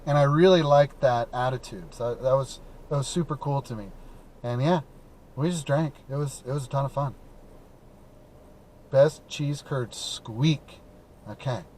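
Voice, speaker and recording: A man's voice: medium pitch, unhurried, long pauses, darkish tone, a little hiss or hum. A man from the American Midwest hosting a call-in talk show from his car, chatting casually and rambling with lots of fillers and restarts. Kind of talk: casual live-stream chat. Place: in a car while driving.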